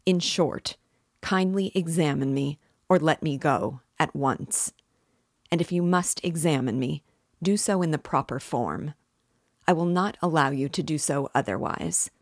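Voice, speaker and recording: A woman's voice: low-pitched, unhurried, dry recording, clean studio sound. A woman voicing an irritated, resolute young male student under suspicion in an audiobook reading.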